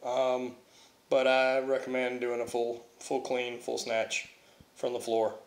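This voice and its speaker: A young man answering viewer questions about Highland Games throwing and training in a blunt, offhand way with casual swearing. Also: completely flat delivery, slow, reverberant. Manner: blunt, profane, offhand, reads questions aloud then answers. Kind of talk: casual Q&A vlog.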